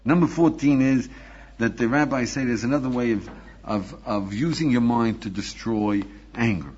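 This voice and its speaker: An older man, a rabbi, giving a lively lecture, acting out little scenes and asking his listeners questions. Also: medium pitch, moderate pace, lo-fi sound. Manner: animated, acts out little scenes with voices, laughs, asks the audience. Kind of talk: recorded lecture.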